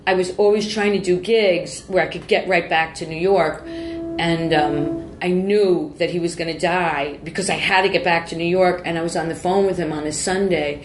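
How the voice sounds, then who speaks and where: A woman in her forties with a lowish voice tells her story bluntly, swearing freely and breaking off mid-sentence. The room is roomy and echoey, with a faint hum of ambience behind her. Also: fairly even intonation, moderate pace. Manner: raw, profane, self-interrupting. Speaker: guest. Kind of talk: candid personal storytelling.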